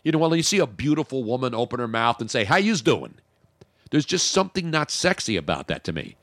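Rambling, animated radio show host. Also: male voice, medium pitch, quick pace, no room sound, studio quality. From Philadelphia area. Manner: rambling, joking, self-interrupting. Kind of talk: casual radio banter.

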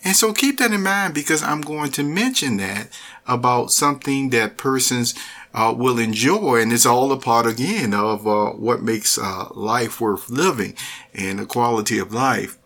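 A man hosting a podcast, talking in a relaxed, rambling way with many fillers. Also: medium pitch, a little slow. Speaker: podcast host. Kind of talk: casual podcast monologue.

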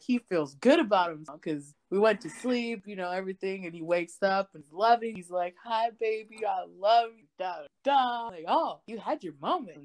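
A woman co-hosting a podcast, telling a story in a lively, profane, casual way. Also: medium pitch. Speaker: podcast co-host.

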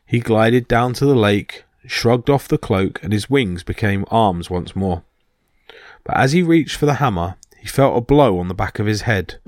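Male podcast storyteller, low, steady, vivid, dry sound. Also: normal speed, dry recording. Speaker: narrator. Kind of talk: storybook narration of myths.

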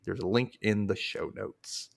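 A man's voice: fairly low pitch, unhurried, gravelly. A man hosting a casual podcast, chatty and laughing easily as he talks. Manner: chatty, animated, laughs often. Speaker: podcast host.

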